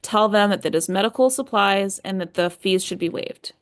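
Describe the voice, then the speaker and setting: A woman's voice: medium pitch, normal speed, no echo, studio quality. A young woman hosting a live chat, answering viewer questions in a friendly, reassuring way with lots of fillers.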